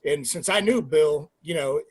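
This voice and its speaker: A man in his forties, a former pro wrestler, telling profane, animated stories in an interview and acting out quoted dialogue. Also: fairly high pitch, a little slow, breathy edge, dry recording. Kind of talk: casual storytelling interview.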